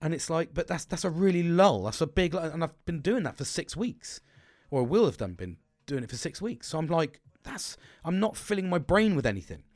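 A man's voice: a little high, sing-song, moderate pace, darkish tone, dry recording, studio quality. A middle-aged man in a blunt, sweary, rambling monologue who often restarts his sentences.

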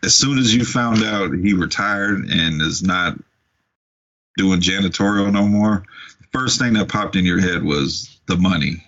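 A man's voice: low voice, measured pace, fairly bright tone, lo-fi sound. A man co-hosting a podcast, dropping short, wry comments during a movie chat. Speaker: podcast co-host.

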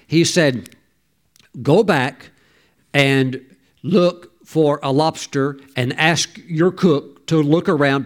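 A man preaching a sermon in a slightly higher-than-usual voice. He tells a story and breaks into exclamations, calling on the congregation for amens. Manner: storytelling, exclamatory, calls for amen.

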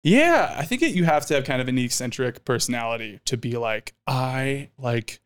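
A man's voice: medium pitch, fairly quick. A young man, a comedian and actor, telling stories casually with lots of laughs and swearing. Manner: animated, swears, laughs often. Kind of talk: casual storytelling.

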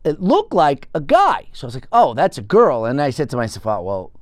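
A man hosting his own show, telling a rambling story in a casual, animated monologue with frequent restarts. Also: mid-range voice, a little fast, dry recording, clean studio sound. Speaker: podcast host.

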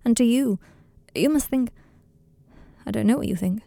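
Remorseful young man, tearful and halting, gravelly and mellow, read by a woman. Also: on the high side, no room sound. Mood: distressed. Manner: tearful, apologetic.

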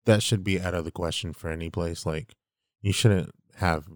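A man's voice: sits low, fairly even intonation, normal speed, dry recording, studio quality. A man chatting casually, telling a profane, laughing family story and acting out the people in it. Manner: profane, storytelling with quoted voices. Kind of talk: casual chat.

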